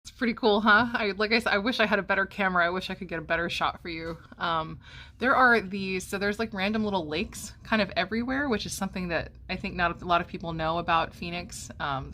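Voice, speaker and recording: A woman's voice: on the low side, pushed and bright, slight background noise. A middle-aged woman chatting casually to camera at home, rambling with many ums and restarts. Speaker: vlogger. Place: home, by a window.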